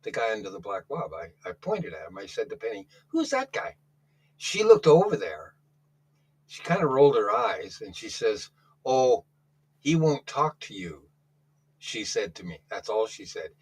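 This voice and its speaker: A man's voice: lowish voice, very animated, moderate pace, a little mellow, breathy edge, rough recording. A man calling in to a talk show, telling a rambling story in a casual way, often restarting his sentences. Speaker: caller.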